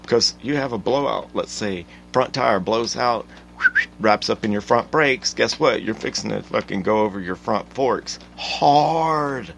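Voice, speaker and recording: A man hosting his own podcast, talking in an animated, profane solo rant that swings from mutters to loud outbursts. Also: fairly low pitch, unhurried, creaky, slight background noise. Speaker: podcast host.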